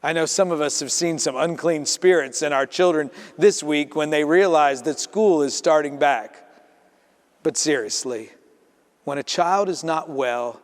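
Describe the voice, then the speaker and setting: Pastor preaching in a reverberant church. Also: male voice, a little high. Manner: storytelling, acts out voices in quotes. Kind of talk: sermon. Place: church sanctuary.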